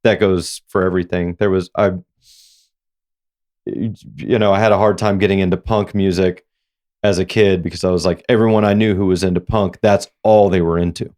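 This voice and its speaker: Rambling low-voiced male podcast host. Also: fairly even intonation, a little mellow. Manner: rambling, halting, many false starts. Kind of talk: casual interview chat.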